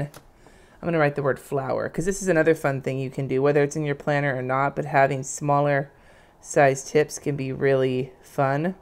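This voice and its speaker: Her voice is very deep and creaky. A woman in her thirties, she rambles chattily through a relaxed live-streamed lettering lesson, demonstrating with her drawing as she explains.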